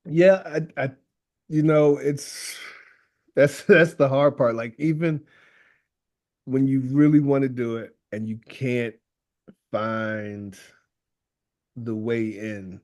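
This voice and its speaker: A death doula appears as a guest in a conversational interview, speaking slowly with long pauses in a medium-pitched, steady, darkish voice. He tells stories earnestly and often acts out what people said.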